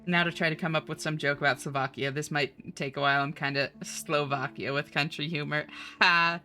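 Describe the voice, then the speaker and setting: A woman's voice: low-pitched, steady tone, brisk, bright, forceful tone, soft background music. A woman streaming a video game live, bantering with chat in a flirty, teasing way and trading puns.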